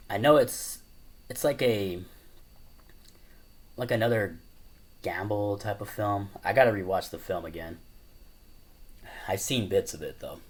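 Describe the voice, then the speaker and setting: A man's voice: slow pace, pauses often. A man chatting casually as a YouTuber, rambling with lots of "you know" and "like" and often laughing. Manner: laughs often while talking; acts out movie quotes in a higher voice. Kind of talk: casual chat.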